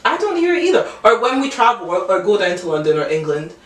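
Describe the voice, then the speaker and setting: Young woman, Edinburgh Scottish accent, animated and jokey; roomy, slightly distant mic. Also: medium pitch. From Scotland. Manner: animated, joking, quick to laugh. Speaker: podcast co-host. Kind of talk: casual chat. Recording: echoey room, voice a bit off-mic.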